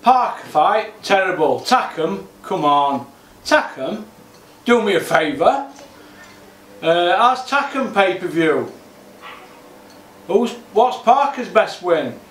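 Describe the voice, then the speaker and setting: A man's voice: high voice, sing-song, slow, long pauses, fairly bright tone, recorded from a distance. A man, ranting about boxing in an exasperated, repetitive monologue. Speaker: boxing commentator. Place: home gym. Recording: echoey room, off-mic.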